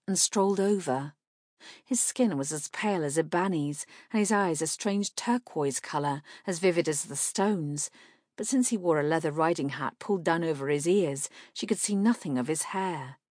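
Brief: woman audiobook narrator, lowish voice, steady and measured, dry close recording. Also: no room sound. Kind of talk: scripted fantasy narration.

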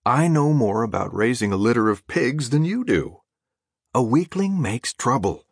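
A man voicing a gentle, steady farmer father who speaks patiently but firmly, in a storybook audiobook. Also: medium pitch, moderate pace, slightly rough, no echo, studio quality. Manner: patient, firm. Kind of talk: audiobook character voice.

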